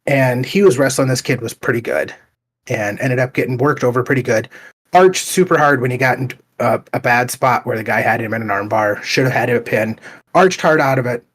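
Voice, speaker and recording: A middle-aged man telling stories in a casual chat, acting out heated exchanges with lively quoted voices. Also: mid-range voice, fairly quick, breathy edge. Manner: animated storyteller, acts out heated quotes. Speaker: podcast co-host.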